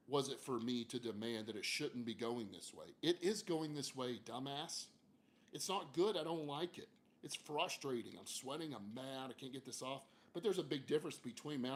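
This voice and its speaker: A man livestreaming from an outdoor porch, talking casually and frankly with lots of fillers and some mild cursing. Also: medium pitch. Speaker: therapist hosting a livestream. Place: outdoor porch, hot, under a fan.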